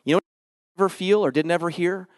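A man preaching a sermon, telling his conversion story with animated emotion, casual slang and sudden swings from loud to hushed. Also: high voice, fast talker, no echo. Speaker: pastor. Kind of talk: sermon with personal testimony.

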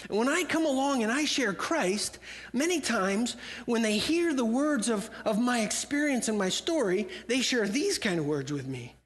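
A man's voice: very high-pitched, animated, moderate pace. Conversational man preaching in an echoing hall. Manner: conversational, plays out imagined dialogue. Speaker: missionary speaker. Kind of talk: church talk with acted-out quotes. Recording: long hall reverb.

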